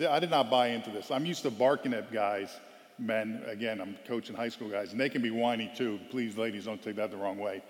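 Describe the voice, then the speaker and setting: A man giving a storytelling sermon as a guest speaker, animated and loudly acting out quoted lines. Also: a little high. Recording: long hall reverb.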